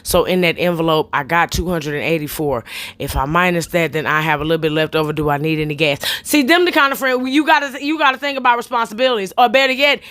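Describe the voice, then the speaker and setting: Woman, comedian, comedic storytime, brash and profane, sharp bright tone. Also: lowish voice, fast. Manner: rises to shouting at peaks.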